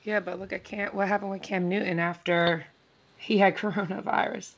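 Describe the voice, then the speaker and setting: A woman's voice: medium pitch, fairly even intonation, moderate pace, lo-fi sound. A woman in a casual sports chat, skeptical and chatty.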